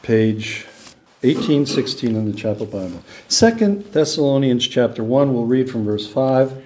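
Mellow-voiced pastor teaching from scripture. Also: male voice, mid-range voice, expressive, measured pace, echoey room. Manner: conversational teaching with rhetorical questions and restarts; reads scripture aloud with rising emphasis. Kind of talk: expository sermon with scripture reading.

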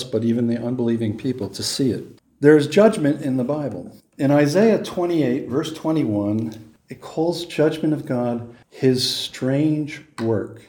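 Mellow-voiced pastor teaching from scripture. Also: male voice, mid-range voice, echoey room. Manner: conversational teaching with rhetorical questions and restarts; reads scripture aloud with rising emphasis. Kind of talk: expository sermon with scripture reading.

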